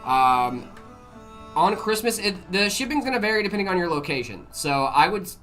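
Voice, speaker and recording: A relaxed livestream host chatting with viewers about PC builds, drifting through fillers as the questions are read aloud. The voice sits mid-range, and faint music plays underneath. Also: medium pitch, normal speed. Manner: laid-back, filler-heavy, reads chat aloud. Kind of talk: casual live chat answering viewer questions.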